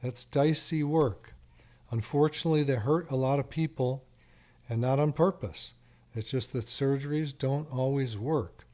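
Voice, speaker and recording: A man's voice: mid-range voice, dark tone. A middle-aged man hosting a call-in radio talk show as a doctor, chatting and telling stories in a casual way. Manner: chatty, storytelling, repeats phone number slowly.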